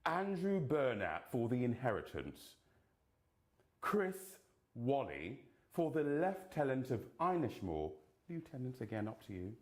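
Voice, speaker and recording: Announcing award nominees, a man takes the names slowly and carefully, tossing in campy, playful quips between them. He speaks in a mid-range, sing-song voice.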